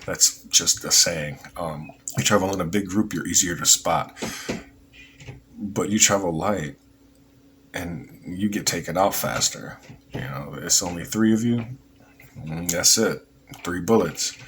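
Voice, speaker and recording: A man's voice: deep voice, a bit bright, a little hiss or hum. A man hosting a podcast, giving rambling, heated, sarcastic casual political commentary. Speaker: podcast host.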